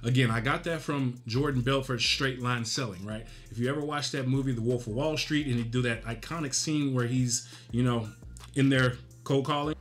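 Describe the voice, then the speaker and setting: A man's voice: mid-range voice, normal speed, soft background music. A man coaching new agents in a casual teaching tone. He talks directly and emphatically, and he keeps checking in with the listener as he goes. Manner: direct, emphatic, frequent "right?" tag questions. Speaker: real estate coaching host. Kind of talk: casual instructional talk.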